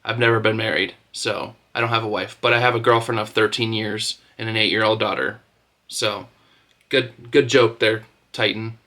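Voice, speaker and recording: A man's voice: lowish voice, fairly even intonation, moderate pace, sharp tone. A man in his thirties ranting to camera as a street racing vlogger, mocking and trash-talking with lots of swearing.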